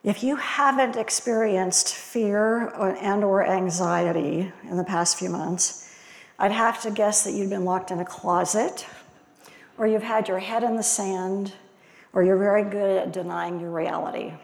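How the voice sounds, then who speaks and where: A woman's voice: medium pitch, steady tone, measured pace, gravelly. A woman giving a reflective sermon, asking one rhetorical question after another. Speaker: lay preacher. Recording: long hall reverb.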